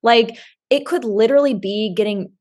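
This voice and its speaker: A woman's voice: on the high side, moderate pace. Young woman from Kentucky telling a story. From Kentucky area, USA. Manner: animated, acts out quotes, frequent "like". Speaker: podcast co-host. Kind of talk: casual storytelling.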